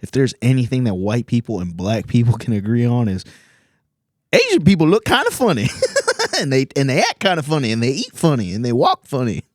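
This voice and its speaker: A man's voice: medium pitch, very animated, a little fast, darkish tone, dry recording, clean studio sound. A man from Virginia, a comedian hosting a podcast, telling rambling, profane stories in casual chat and laughing often.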